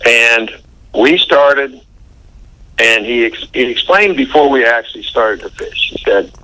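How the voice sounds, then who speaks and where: A man's voice: mid-range voice, measured pace, sharp tone, rough recording. An older man telling a story in an interview, chatty and folksy, chuckling as he recounts. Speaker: interview guest.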